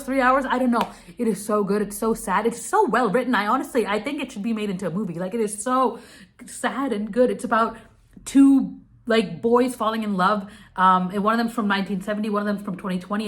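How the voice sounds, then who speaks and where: A woman's voice: mid-range voice, fairly bright tone. A young woman whose first language is Telugu, chatting bubbly and casually through her monthly favorites with many restarts. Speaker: vlogger.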